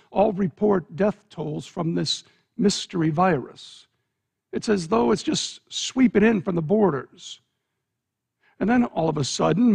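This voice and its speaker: Gravelly preacher telling a tense story. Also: male voice, high-pitched, a little mellow. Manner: dramatic, building suspense. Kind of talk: sermon illustration, second-person storytelling.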